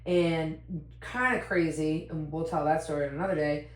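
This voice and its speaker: A woman hosting a podcast, telling stories in a casual, animated way and laughing often. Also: low voice, moderate pace. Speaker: podcast host. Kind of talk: casual storytelling chat. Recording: roomy echoey room.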